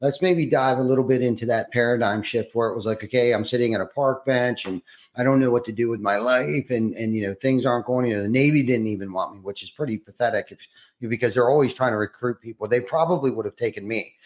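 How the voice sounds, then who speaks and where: A man hosting a podcast interview, asking long and loose questions. He restarts his sentences often and leans on fillers, at an ordinary pitch for a man. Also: fast talker. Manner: rambling, many restarts and fillers. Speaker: podcast host.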